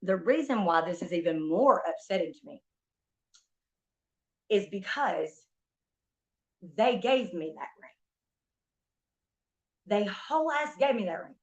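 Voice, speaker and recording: A woman's voice: mid-range voice, lively intonation, unhurried, long pauses. A young woman streamer telling a story in a heated, profane rant, venting about a stolen ring. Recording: dull lo-fi stream audio.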